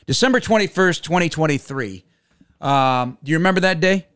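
Clear-voiced man hosting a sports podcast. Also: on the high side, lively intonation, brisk, a bit bright. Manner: dry, denying and teasing back. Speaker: podcast host. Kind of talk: casual sports podcast chat.

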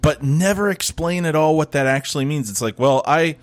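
Sarcastic man with a lively voice. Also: on the high side, brisk, dry recording. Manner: sarcastic, acts out characters mid-story. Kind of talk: casual TV recap chat.

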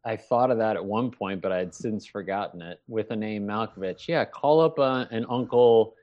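A man's voice: on the low side, a little mellow. A man guesting on a casual podcast, chatty and easygoing. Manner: easygoing, chatty, drops into quick impressions. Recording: dull, lo-fi remote audio.

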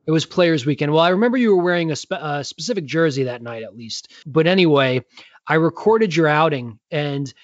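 A man's voice: a little high, expressive, fairly quick, no echo. A man hosting a podcast, interviewing a guest in an earnest, reflective way. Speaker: podcast host, former rehab coordinator. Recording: dull lo-fi audio.

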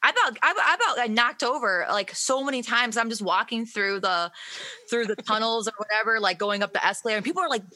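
A woman's voice: on the high side, fast talker, pushed and bright. A woman from the United States, a musician being interviewed remotely, talking casually with lots of fillers and frequent laughter. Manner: chatty, laughs often, many fillers. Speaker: musician guest.

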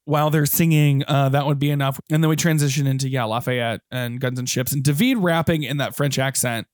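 In a casual theater discussion on a podcast he co-hosts, a man gushes about a stage musical and swears freely. His medium-pitched voice is fairly even and a little fast, recorded dry at studio quality.

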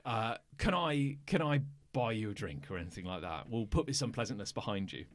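A man's voice: on the low side, a little fast, a little hiss or hum, pitched below the performer's own voice, natural voice. A man voicing a hot-tempered half-metal bruiser. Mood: sheepish. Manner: blustering, then forced calm.

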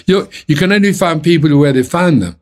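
A man's voice: on the high side, fairly quick, a little mellow. An older man, a former music manager, telling chatty anecdotes in an interview, with frequent restarts. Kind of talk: storytelling in an interview.

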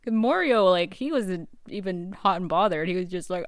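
A woman's voice: fairly low pitch, lively intonation, moderate pace, no room sound, clean studio sound. A young woman co-hosting a podcast in casual chat, laughing often and teasing playfully. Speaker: podcast co-host.

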